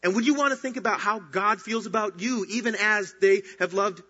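A man's voice: high voice, brisk, hardly any pauses, breathy edge. A man preaching an earnest, emphatic sermon as a pastor. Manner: earnest, emphatic preaching with rising bursts of excitement. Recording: dull sound with long hall reverb.

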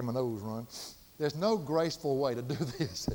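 An older man preaching a sermon with passion, swinging from loud emphasis to hushed, quiet tones. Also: medium pitch, normal speed, in a large hall. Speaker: pastor.

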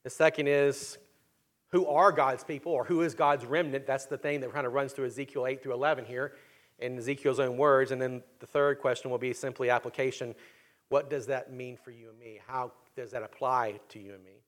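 A man's voice: medium pitch, steady tone, a little fast. A man preaching a sermon, walking his listeners through the text and asking them rhetorical questions. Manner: teaching, asks the audience rhetorical questions. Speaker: pastor.

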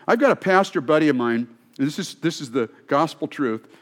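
A man's voice: on the high side, lively intonation, brisk. A male pastor preaching a sermon in a conversational, storytelling way, often restarting his sentences.

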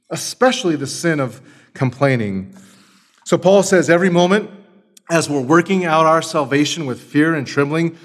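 A man preaching a sermon as pastor, emphatic and building up force as he lists point after point. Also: mid-range voice.

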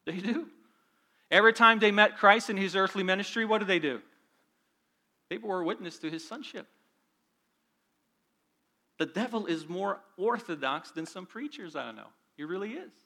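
A man's voice: sits high, normal speed, long pauses, sharp tone. A man preaching a sermon, reading scripture aloud and pressing his points with emphatic force. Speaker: pastor.

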